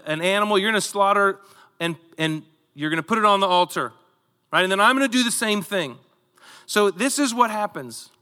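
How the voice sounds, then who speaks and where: A man preaching a sermon, telling the story with animated delivery and acting out voices. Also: high-pitched, in a large hall. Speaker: pastor.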